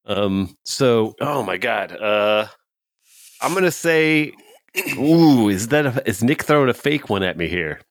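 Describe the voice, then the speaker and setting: A man's voice: mid-range voice, animated, takes it slowly, no echo, clean studio sound. A man competing on a podcast game show, hesitating and musing aloud before he answers. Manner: hesitant, muses over answers. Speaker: contestant. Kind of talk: casual podcast banter.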